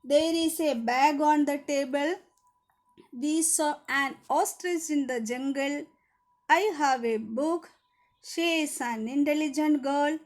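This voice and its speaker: A woman teaching a children's grammar lesson, repeating each rule and answer step by step. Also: sits high. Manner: slow, repetitive, spells out each rule.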